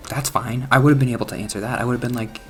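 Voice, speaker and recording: A man's voice: mid-range voice, fairly even intonation, very fast, fairly bright tone, faint music behind. A man talking casually over gameplay, rambling and self-deprecating, often trailing off, restarting and chuckling at himself. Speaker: gaming channel host.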